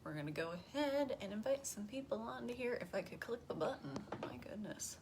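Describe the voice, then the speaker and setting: A woman's voice: a little high, lively intonation, quick pace, noisy background. Bubbly woman co-hosting a live stream. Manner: bubbly small talk, laughs easily. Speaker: co-host. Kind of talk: casual chat on a live stream.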